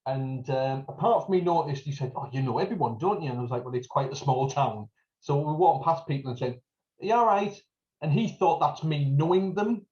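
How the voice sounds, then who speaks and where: A man from North East England, with that regional accent, co-hosts a casual podcast in a slightly high, mellow voice with lively intonation and a slightly fast pace; the audio is dull. He tells jokey stories, acting out greetings in a raised voice.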